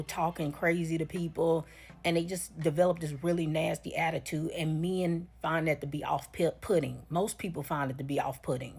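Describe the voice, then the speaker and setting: A woman's voice: deep voice, husky. A woman giving blunt reaction commentary, lecturing her viewers directly.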